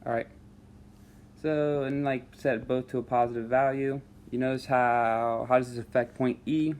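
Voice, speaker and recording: Over a screen recording, a medium-pitched man explains a math problem step by step at normal speed, easygoing and pausing frequently to ask "all right?". A little background noise can be heard.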